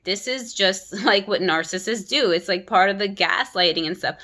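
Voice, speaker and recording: A woman giving an animated, critical retelling of a children's book, talking casually with frequent restarts. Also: mid-range voice, moderate pace. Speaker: content creator.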